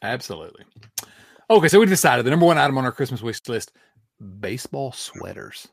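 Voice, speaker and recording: A man's voice: medium pitch, very animated, fairly quick, vocal fry, slightly rough, dry recording, clean studio sound. A middle-aged man hosting a casual sports podcast, laughing often and restarting sentences as he talks. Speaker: podcast host.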